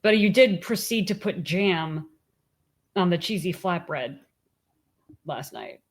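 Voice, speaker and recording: A woman's voice: fairly low pitch, animated, slow pace. A woman co-hosting a podcast, chatting casually with her husband and thinking aloud with restarts. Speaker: podcast co-host.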